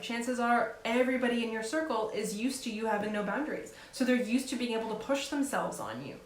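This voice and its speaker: A woman life coach giving casual, encouraging advice in an earnest, conversational way. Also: a little high. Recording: echoey room with faint hiss.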